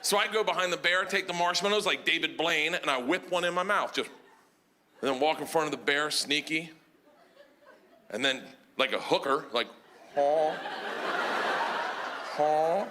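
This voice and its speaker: Loud animated male stand-up storyteller. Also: a little high, moderate pace, noisy background. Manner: loud, animated storytelling that jumps into shouting voices. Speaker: stand-up comedian. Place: comedy stage before a laughing audience.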